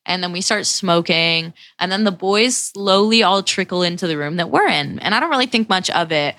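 A young woman in her twenties hosting a podcast, telling a personal story in a casual, profane, animated way and acting out what people said. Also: lowish voice, moderate pace, dry recording. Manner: profane, animated retelling with acted-out quotes. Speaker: podcast host.

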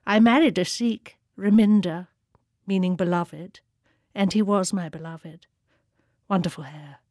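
A woman's voice: on the low side, measured pace, darkish tone, no echo, clean studio sound, lightly acted. Woman playing a prim old novelist. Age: older. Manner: prim, rambling, colonial-era posh. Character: elderly genteel female romance novelist. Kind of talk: comic interview sketch.

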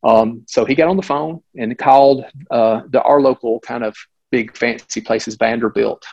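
A middle-aged man, a physician, tells a case story in a conversational, animated way, with frequent restarts and asides. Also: mid-range voice, moderate pace, slightly rough, muffled recording. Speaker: physician guest.

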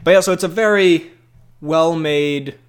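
Playful laughing man, slightly high voice. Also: measured pace, smooth. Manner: laughs often, rambling and playful. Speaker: podcast co-host. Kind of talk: casual movie chat.

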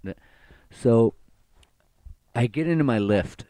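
A man's voice: mid-range voice, expressive, slow, dark tone, dry recording. A young man from Baltimore, a bartender and podcast co-host, telling crude, rambling stories full of fillers in casual banter.

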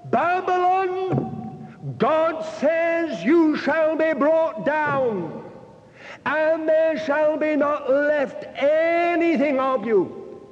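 A man voicing a strange, shepherd-like Hebrew prophet who calls out slow, drawn-out proclamations of doom. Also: extremely high pitch, voice pushed up, exaggerated voice. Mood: proclaiming. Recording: dull, echoey hall recording.

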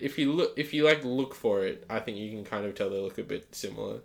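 Low-voiced young man, dry and teasing. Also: quick pace, creaky, a little mellow. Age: young adult. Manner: dry, teasing, tells fun facts. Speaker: podcast co-host. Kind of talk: casual wrestling review chat.

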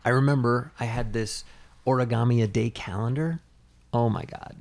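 A man co-hosting a casual chat, relaxed and agreeable, telling anecdotes. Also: mid-range voice, normal speed, creaky. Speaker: podcast co-host.

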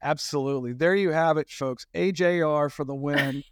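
A man's voice: a little high, normal speed, smooth, no room sound, clean studio sound. Enthusiastic male podcast host. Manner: friendly, enthusiastic, stammering restarts. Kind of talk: podcast interview.

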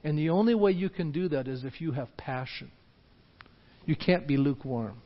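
A man's voice: fairly high pitch, normal speed. A man preaching a passionate sermon to his church and leading an altar call, pushing up to emphatic peaks. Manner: impassioned, rising to emphatic peaks. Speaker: pastor. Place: church sanctuary. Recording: dull reverberant hall recording.

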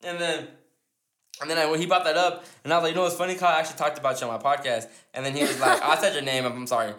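A man's voice: on the high side, fairly even intonation, racing, a bit bright, reverberant. A man hosting a casual podcast, telling a rambling story full of restarts and laughter. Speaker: podcast host.

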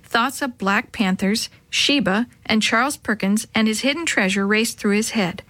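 A woman's voice: a little high, normal speed, fairly bright tone, no room sound. A woman narrating a children's chapter story, friendly and addressing young listeners.

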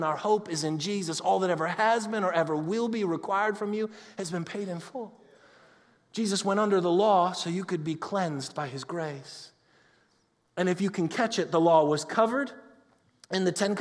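A man preaching a sermon in a conversational way, moving between loud excitement and hushed, intimate talk. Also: a little high. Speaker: pastor. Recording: long hall reverb.

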